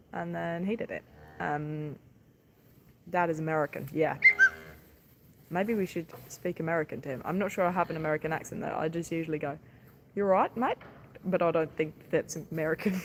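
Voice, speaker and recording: A woman's voice: fairly low pitch, slight background noise. A tired woman, a livestock farmer chatting casually on a live stream, giggling often and filling gaps with ums. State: tired, short on sleep.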